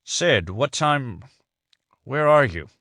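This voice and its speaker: A man playing an anxious middle-aged law partner who talks in a hurried, placating way. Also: on the low side, lively intonation, fairly bright tone, dry recording, studio quality.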